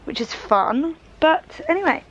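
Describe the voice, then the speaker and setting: A woman's voice: high voice, animated, measured pace, dull audio. A young woman with a British accent chatting casually to camera, narrating her day and her cooking with self-mocking asides. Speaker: vlogger. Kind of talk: casual vlog chat. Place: home kitchen.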